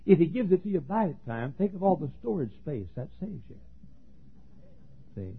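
A husky male pastor preaching a folksy, joking sermon that swings from hushed talk to shouting. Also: fairly high pitch, big pitch swings, moderate pace. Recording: tinny lo-fi sermon recording.

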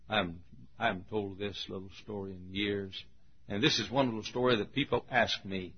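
An older man with a Southern US accent, preaching in a folksy, animated storytelling style. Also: fairly low pitch, brisk, breathy edge. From Southern United States. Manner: folksy, animated, hollers and laughs. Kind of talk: storytelling sermon. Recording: dull lo-fi recording.

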